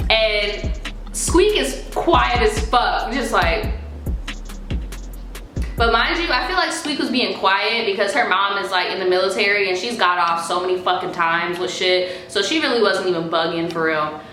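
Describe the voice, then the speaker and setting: A young woman from New York telling a story in an animated, chatty, profane way. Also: mid-range voice, normal speed. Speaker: vlogger. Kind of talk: casual storytime. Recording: roomy echo with faint music.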